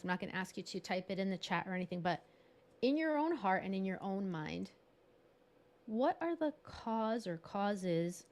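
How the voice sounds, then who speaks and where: A woman's voice: mid-range voice, a little mellow. A bilingual woman presenting a live online workshop over a video call, talking in a chatty, encouraging way and laughing at herself. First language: bilingual English and Spanish.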